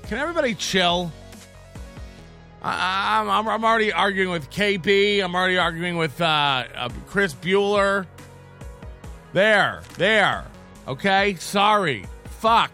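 A man's voice: high-pitched, animated, a little slow, sharp tone, soft background music. A man hosting a casual livestream, rambling and self-mocking, with frequent swearing. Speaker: livestream show host.

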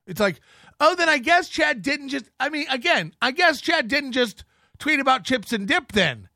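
A man's voice: extremely high pitch, sing-song, normal speed, bright, forceful tone, no echo, studio quality. A middle-aged man hosting an online show, ranting in sarcastic, profane commentary and muttering while he scrolls through posts.

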